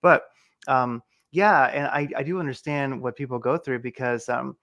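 A man's voice: medium pitch, moderate pace, fairly bright tone, no echo, studio quality. A man in casual conversation, rambling and musing with many fillers.

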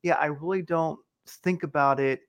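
A man's voice: on the high side, fairly even intonation, normal speed, no room sound. A man in casual conversation, rambling and musing with many fillers.

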